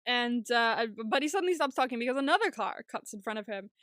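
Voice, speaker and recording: Bright, high-voiced woman recapping a show. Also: fast talker, no echo, clean studio sound. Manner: animated, laughs often. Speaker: podcast co-host. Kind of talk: casual TV recap chat.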